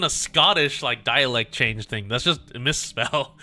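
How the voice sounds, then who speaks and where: A young man reading a game story aloud on a stream and breaking off into playful, quick asides. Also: medium pitch, sharp tone, soft background music.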